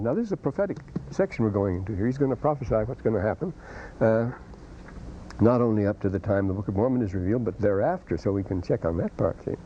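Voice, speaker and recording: A male lecturer talks through his material in a mellow, darkish voice, circling back and restarting his sentences as he goes. The recording is dull and lo-fi, with a faint hiss underneath. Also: fairly low pitch, expressive, fast talker. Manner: rambling, scholarly, many restarts and asides. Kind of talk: classroom lecture.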